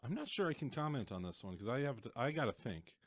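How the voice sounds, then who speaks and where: A man co-hosts a casual podcast, mostly reacting with short, unsure replies. His pitch is ordinary, and the dry, close recording has no room sound at all. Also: sing-song, fast, no room sound. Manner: short reactions, hesitant, laughs along. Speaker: podcast co-host. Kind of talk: casual chat.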